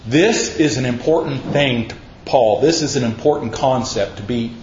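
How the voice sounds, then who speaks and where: A man's voice: medium pitch, normal speed, a little mellow, slight background noise. Man preaching in an echoey room. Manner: earnest, emphatic preaching with repetition. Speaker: pastor. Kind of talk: sermon. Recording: echoey, dull lo-fi church recording.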